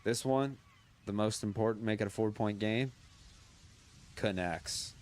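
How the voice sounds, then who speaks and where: A man's voice: lowish voice, unhurried, a little mellow. Man doing jokey play-by-play. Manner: jokey sportscaster hype, swears casually. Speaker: comedy podcast host. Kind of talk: mock play-by-play commentary.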